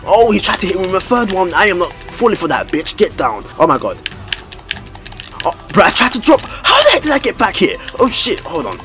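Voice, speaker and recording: A young man giving loud, excitable gameplay commentary full of trash talk, swearing and sudden outbursts. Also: high voice. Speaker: gaming YouTuber.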